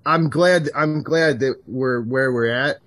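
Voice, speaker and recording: A man's voice: medium pitch, slow pace, a bit bright. A man on a casual podcast chat as a guest, crass and sardonic, swearing constantly. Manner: sardonic and joking.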